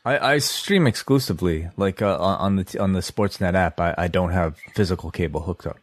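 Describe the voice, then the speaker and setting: Deep-voiced male co-host, wry and teasing, casual chat on a dry close mic. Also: a little fast, no room sound. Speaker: podcast co-host.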